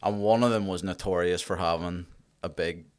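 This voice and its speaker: Brief: podcast guest, very low voice, relaxed sweary storyteller. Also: male voice, moderate pace, smooth. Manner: swears casually, laughs at his own stories. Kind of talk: casual chat.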